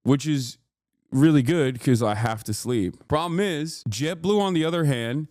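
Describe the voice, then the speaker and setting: A man's voice: a little high, a little slow, a little mellow, no room sound. A man in his thirties hosting a livestream, ranting in a heated, profane way with lots of fillers into a studio microphone. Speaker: livestream host. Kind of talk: casual stream chat. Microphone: studio microphone through a mixer.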